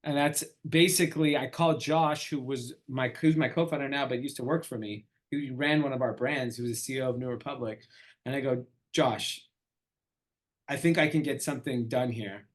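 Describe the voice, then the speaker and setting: A man's voice: mid-range voice, normal speed. Middle-aged man telling a story animatedly. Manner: animated storyteller, acts out quoted dialogue. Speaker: entrepreneur guest. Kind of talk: casual interview storytelling.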